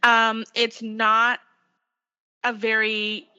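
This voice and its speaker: A woman's voice: on the high side, completely flat delivery, very slow, sharp tone, smooth, dull audio. A woman with a West Coast Canadian accent, an actor chatting as a podcast guest, upbeat and full of fillers. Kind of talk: casual podcast interview.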